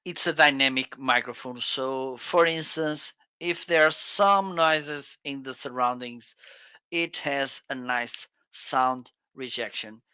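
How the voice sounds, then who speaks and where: A Portuguese-accented man co-hosts a live shopping stream, speaking slowly into a close dynamic mic. His voice is bright and smooth, and the sound is dry and intimate. He keeps checking in with the audience with an eager "okay?". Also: medium pitch, no room sound. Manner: enthusiastic, frequent "okay?" check-ins. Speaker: livestream co-host. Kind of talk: casual product review. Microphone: close studio dynamic mic.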